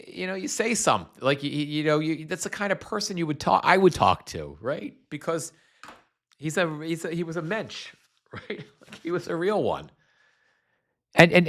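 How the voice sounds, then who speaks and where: A man's voice: a little high, creaky, a bit bright. A middle-aged man from New Jersey hosting a political livestream, ranting in a casual, profane way with many restarts and fillers, and reading chat comments aloud.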